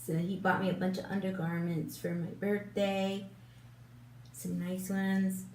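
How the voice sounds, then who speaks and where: A woman's voice: mid-range voice, flat delivery, a little slow, darkish tone. An older woman chatting casually while doing her makeup, rambling, with lots of fillers, restarts and laughs. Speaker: beauty vlogger. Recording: roomy, distant mic, faint hum.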